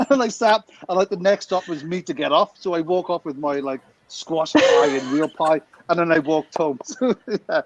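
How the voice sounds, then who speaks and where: A man, co-hosting a podcast, tells a funny story in a casual, animated way and laughs as he goes. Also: a little high, normal speed, background noise. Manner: animated, laughs through his story, acts out quotes.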